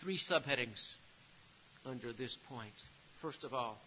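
Male preacher, higher than usual pitch, emphatic sermon delivery, muffled lo-fi recording. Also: a little hiss or hum. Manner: emphatic preaching, repeats key phrases, drops to a hush on grave lines.

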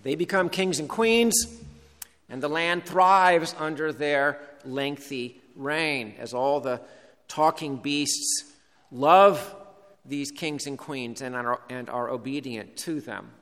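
A male preacher delivers a sermon slowly and deliberately, leaning on key words. His voice is bright and a bit high, carried by the long reverb of a hall.

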